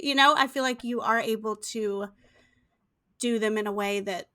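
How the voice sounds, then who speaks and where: A woman hosts a relaxed podcast chat, her fairly high voice easygoing and a bit hesitant. She fills her questions with ums and likes. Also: normal speed. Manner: easygoing, hesitant, with frequent fillers. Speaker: podcast host. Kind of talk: casual interview chat.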